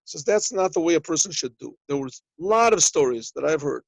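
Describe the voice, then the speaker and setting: Man teaching a Torah lesson, slightly higher voice. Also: animated, fairly quick, vocal fry, no echo, rough recording. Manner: explains in plain talk, translating Hebrew phrases as he goes; retells stories with small acted dialogue. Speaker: rabbi teaching a yeshiva class. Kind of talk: Torah lesson over a video call.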